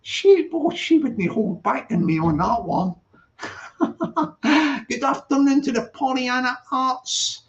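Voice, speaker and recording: A man talks loosely on a live stream, his voice pitched high and gravelly with fry. He rambles and greets viewers one by one by name. The sound is dull and lo-fi. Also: takes it slowly, fairly bright tone. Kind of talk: casual live-stream chat. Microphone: streaming setup.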